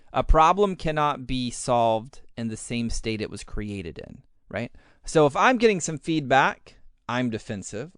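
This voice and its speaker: A man talking casually on a podcast as its host, lively and often acting out his own inner thoughts in quoted asides, with many fillers. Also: medium pitch, clean tone, no room sound, clean studio sound.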